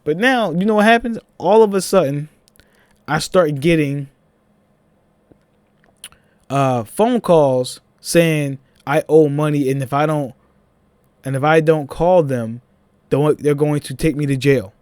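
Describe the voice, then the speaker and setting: A man's voice: on the high side, measured pace, pauses often, no room sound. Fired-up young Philly guy telling a story. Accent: Philadelphia. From Philadelphia. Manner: animated, fired-up, laughing asides. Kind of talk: casual storytime vlog.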